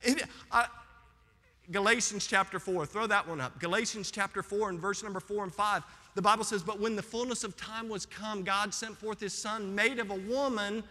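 A man's voice: sits high, normal speed, pushed and bright. A male pastor preaching a fervent sermon, joking with his congregation. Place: church sanctuary. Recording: long hall reverb of a church.

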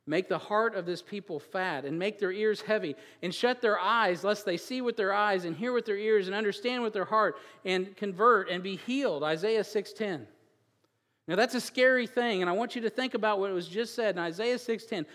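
A man preaching a sermon, moving from quiet joking asides with chuckles to loud, emphatic build-ups. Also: high voice, long reverb tail. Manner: chuckles and jokes between scripture readings. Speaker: pastor.

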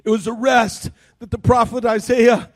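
A man preaching a sermon as a missionary, fervent and shouting hallelujahs, quoting scripture in a singsong. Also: extremely high pitch, flat delivery, normal speed.

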